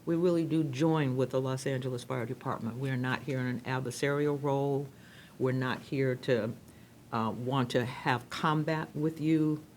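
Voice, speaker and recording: A woman's voice: extremely low pitch, fairly even intonation, moderate pace, darkish tone, slight background noise. A woman serving as commission president, chairing a public meeting in an informal, joking way with filler-laden asides.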